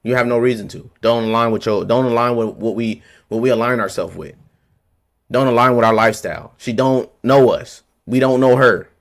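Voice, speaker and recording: A man's voice: mid-range voice, fairly quick. A man ranting to camera about politics, heated and confrontational, hammering his points by repeating them in blunt street slang. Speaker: vlogger.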